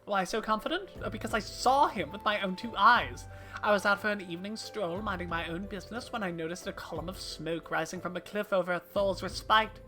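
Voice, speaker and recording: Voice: medium pitch, brisk, bright, forceful tone, soft background music, natural voice. A streamer voicing a struggling, wheedling small merchant while reading game dialogue aloud on stream. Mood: eager. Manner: theatrical read of game dialogue.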